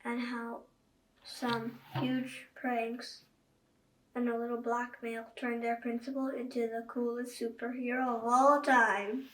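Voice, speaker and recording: A woman's voice: fairly high pitch, flat delivery, slow pace, fairly bright tone, slight background noise. A woman reading a children's book aloud, chatting directly to young listeners. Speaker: children's story reader. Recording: echoey room, voice far from mic.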